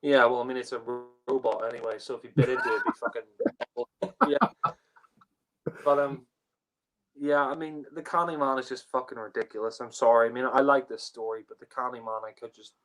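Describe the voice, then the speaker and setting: A man's voice: mid-range voice, fairly even intonation, a little fast, fairly bright tone. A man in casual podcast chat, laughing and swearing as he rambles with lots of fillers. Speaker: podcast co-host. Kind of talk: casual chat, reviewing a TV story.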